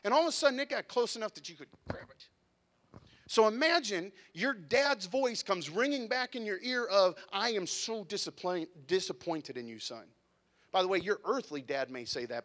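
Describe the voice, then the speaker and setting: A man in his thirties preaching a sermon, animated and conversational, with sudden drops to a hush. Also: high voice. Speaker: pastor. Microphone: handheld mic, sometimes set down.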